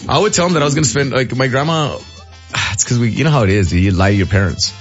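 A man, telling animated, slangy stories as a podcast co-host. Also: medium pitch, fast talker, muffled recording, soft background music. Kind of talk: casual chat.

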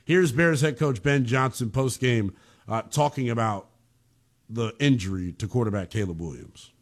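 A man's voice: medium pitch, animated, moderate pace. A man hosting a sports talk show, arguing football calls with impassioned, emphatic conversational commentary. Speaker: sports radio host.

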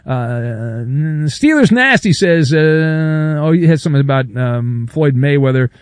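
A man's voice: on the high side, measured pace, no echo, studio quality. A middle-aged man hosting a talk radio show, joking and rambling with lots of fillers. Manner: animated, jokey, rambling with many fillers. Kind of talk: casual talk radio banter. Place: radio studio. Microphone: studio microphone.

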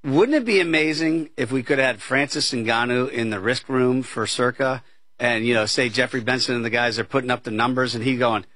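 Husky male betting-show host, chatty and loose, close and dry. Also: mid-range voice, brisk, a bit bright, no room sound. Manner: chatty, conversational, fond of asides. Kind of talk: casual sports talk.

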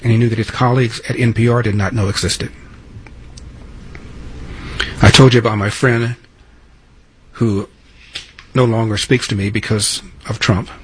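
A man's voice: fairly low pitch, steady tone, moderate pace, a little hiss or hum, low-quality recording. A man in his seventies hosting a radio call-in show, telling stories and arguing his points with emphasis. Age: 70s. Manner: storytelling, emphatic, argumentative. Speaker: radio talk show host. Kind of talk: talk radio monologue and call-in.

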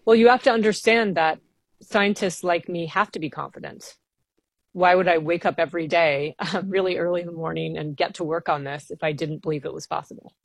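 A woman with a low voice talks as a scientist in an interview. She explains her work at length, earnest and enthusiastic. The sound is dry and close, as in a studio. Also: steady tone, a little fast, no room sound. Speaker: planetary scientist guest. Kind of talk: radio interview.

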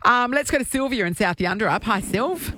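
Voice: mid-range voice, animated, a little fast, bright, forceful tone, slight background noise. A radio host taking calls from listeners, laughing often. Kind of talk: radio call-in hosting.

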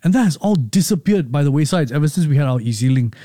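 A man's voice: fairly high pitch, lively intonation, fast, warm tone, dry recording, studio quality. A man with a Singaporean accent presenting radio news and business, with chatty asides between bulletins. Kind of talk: radio news reading and casual chat. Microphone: studio microphone.

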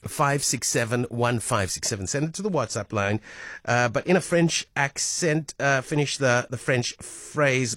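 A man hosting a radio interview, upbeat and energetic. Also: medium pitch, measured pace, no echo, studio quality. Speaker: radio host.

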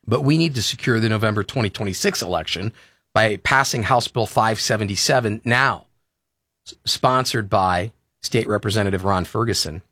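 A man's voice: fairly low pitch, a bit bright, no echo, studio quality. A man hosting a talk radio show, ranting and pleading in a heated, impassioned way.

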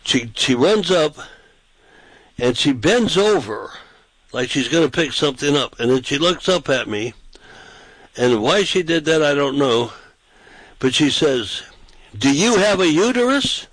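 A man's voice: medium pitch, lively intonation, unhurried, long pauses, fairly bright tone, dry recording, low-quality recording. A man who is a pastor and street preacher, telling anecdotes casually and acting out the quotes in a raised voice. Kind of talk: casual storytelling on a talk show.

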